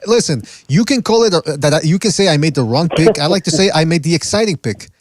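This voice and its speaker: A man's voice: a little high, lively intonation, fast talker, no echo, clean studio sound. A man hosting a call-in boxing podcast, talking in a loose, rambling, joking way with restarts and the odd swear. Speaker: podcast host.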